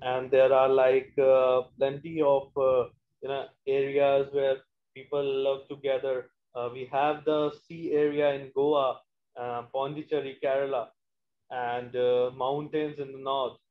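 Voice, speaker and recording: A man's voice: mid-range voice, flat delivery, unhurried, phone-quality sound. A man, a wedding planner speaking hesitantly with many fillers on a video call. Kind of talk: online panel remarks.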